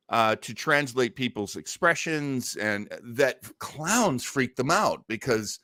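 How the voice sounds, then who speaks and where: A bright-voiced man co-hosting a casual podcast, his pitch rising and falling freely. He tells long, rambling stories full of restarts. The sound is dry and close to the mic. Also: no echo. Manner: rambling storyteller with many restarts. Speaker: podcast co-host. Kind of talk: casual chat.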